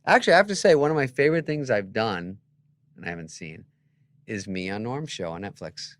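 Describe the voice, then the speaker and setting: A man's voice: on the low side, expressive, fairly quick. A man who is a guest comedian, telling rambling, self-interrupting anecdotes in casual chat.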